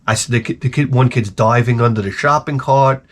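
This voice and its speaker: A man telling stories in a casual, profane monologue, animated and acting out the people he quotes. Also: mid-range voice, brisk. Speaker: video creator.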